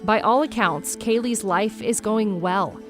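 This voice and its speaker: A woman host giving measured, scripted true-crime narration. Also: medium pitch. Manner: measured, storytelling delivery. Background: background music.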